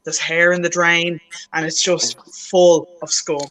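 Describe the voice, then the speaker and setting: Woman comic on a video call, bright voice, deadpan stories. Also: on the low side, measured pace, no room sound, low-quality recording. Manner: deadpan storytelling, laughs at own jokes. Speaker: comedian. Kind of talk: stand-up set over video call.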